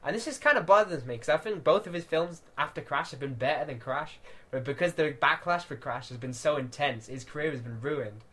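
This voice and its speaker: A man's voice: fairly high pitch, fairly quick, fairly bright tone, husky. A man hosting a film podcast, talking in a casual review chat, ranting and often laughing.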